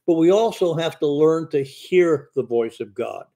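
Older preacher with a stammer. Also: male voice, fairly high pitch, lively intonation, measured pace, vocal fry, warm tone. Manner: stammers in speech, fluent when preaching. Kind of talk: sermon-style Bible Q&A.

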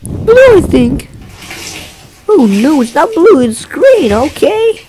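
High squeaky woman going whoa at everything, slow drawn out talk, loud music behind. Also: noisy background. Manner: gasping exclamations, delighted and excitable. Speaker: reaction video host. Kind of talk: reacting to video clips.

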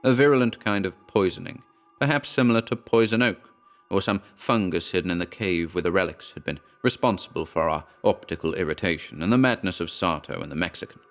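A man with a very deep, smooth, resonant voice reads a horror tale in a measured, grave way. He is close to the mic, and soft music plays faintly beneath his words. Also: animated. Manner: measured, grave storytelling with quoted dialogue read plainly. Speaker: narrator. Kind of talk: scripted horror narration.

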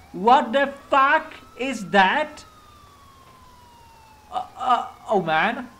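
A man with a non-native English accent giving casual gameplay commentary, excitable and quick to exclaim and swear. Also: high-pitched, slight background noise. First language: not English. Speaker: gaming YouTuber.

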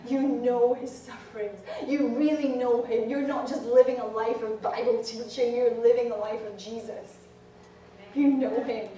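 A woman preaching a fervent sermon to a women's gathering, rising to shouts and dropping low. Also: steady tone, normal speed. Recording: echoey hall from far off, faint noise.

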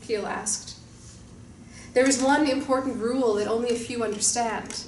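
A woman reading a short story aloud in a calm, measured storytelling manner. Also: on the high side. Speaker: narrator. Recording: roomy distant mic with faint hiss.

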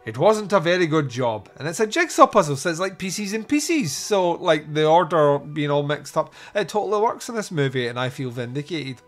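A man's voice: a little high, very animated, normal speed, hardly any pauses, soft background music. A man hosting a casual film-recap podcast, irreverent and joking with crude asides. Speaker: podcast host reviewing a film.

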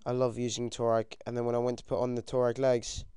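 Teen British male gamer, excitable and foul-mouthed, clean dry sound. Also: medium pitch, fast talker, hardly any pauses, clean tone, dry recording. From United Kingdom. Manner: excitable, swears a lot, yelps when things go wrong. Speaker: gaming commentator. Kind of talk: casual game commentary.

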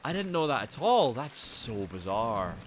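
A man streaming a game, chatting casually, excitable and swearing, breaking into shouts. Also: medium pitch, a little slow, noisy background. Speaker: gaming streamer.

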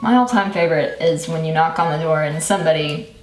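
A woman's voice: lowish voice, animated, brisk, distant mic. A woman telling jokes in a playful comic monologue, laughing and acting out silly voices. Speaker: comedian. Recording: roomy echo, off the mic, faint music.

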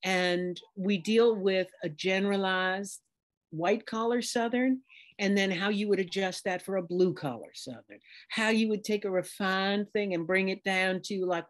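Expressive middle-aged woman from New York City. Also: mid-range voice. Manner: animated, expressive, talks in images and examples. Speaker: dialect coach. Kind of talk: casual interview talk.

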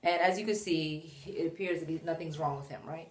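A young woman chatting to the camera at home while holding her baby, animated and chatty, breaking off to talk to him. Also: deep voice, a little fast. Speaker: mom vlogger. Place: at home indoors.

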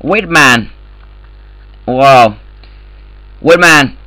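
A man trolling other players in game voice chat, loud and profane, speaking in broken English. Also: medium pitch, drawn-out words, dry recording, rough recording. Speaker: gamer in voice chat.

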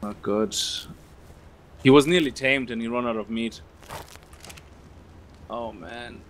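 Let's play host, male, mid-pitched, easygoing explainer, faint noise in the background. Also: slow. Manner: explaining game mechanics in a relaxed way. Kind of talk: casual gameplay chat.

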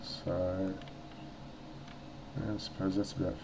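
A man's voice: sits low, little pitch movement, slow, dark tone, a little hiss or hum, low-quality recording. An Australian man telling a story casually in a vlog at home, rambling and swearing, with lots of fillers and restarts. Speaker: vlogger.

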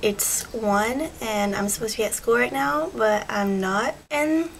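A teenage girl chatting casually and slowly reading a list of words aloud at home. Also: on the high side, slight background noise, low-quality recording. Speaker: vlogger. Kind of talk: casual accent challenge reading.

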